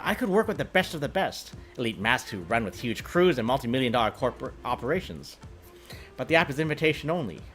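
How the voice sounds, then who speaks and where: A man's voice: on the high side, fairly bright tone. A man voicing a confident woman supervillain thief in a video game, breezy and reassuring as she plots.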